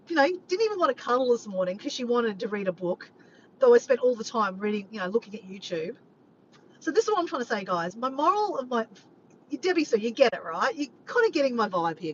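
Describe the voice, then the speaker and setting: A woman rambling to her viewers on a live stream, animated and swearing freely. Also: on the high side. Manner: animated, swears often, keeps addressing "guys". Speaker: vlogger doing a live stream. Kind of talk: rambling casual chat to viewers. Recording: slightly muffled, faint background noise.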